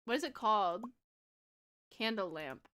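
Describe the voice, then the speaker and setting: A woman's voice: mid-range voice, expressive, unhurried, a bit bright, smooth. A woman in her twenties chatting casually on a gaming livestream, bubbly and giggly, rambling with lots of fillers. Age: 20s. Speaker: streamer.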